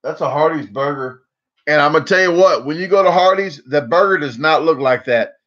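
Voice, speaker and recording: A man's voice: on the high side, a little fast, fairly bright tone, highs cut off. A man hosting a casual livestream, rambling and joking, repeating words for laughs. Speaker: livestream host.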